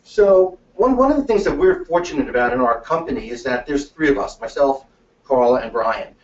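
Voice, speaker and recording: A man giving a webinar talk as presenter, telling stories in a lively way and acting out the dialogue. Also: medium pitch, fairly quick. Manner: lively storytelling, acts out dialogue. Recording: echoey, distant, dull room sound.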